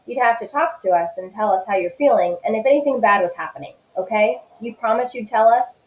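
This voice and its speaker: Woman reading as a quiet caring father, soft and low-key, storybook reading, echoey room. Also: a little fast, lo-fi sound, natural voice. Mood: gentle. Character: gentle worried father, middle-aged man.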